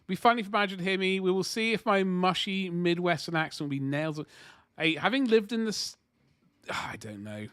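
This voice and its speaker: A man's voice: high voice, lively intonation, normal speed, fairly bright tone, smooth, dry recording, studio quality. A man chatting casually on a live stream as he paints miniatures, thinking aloud and rambling with self-deprecating asides.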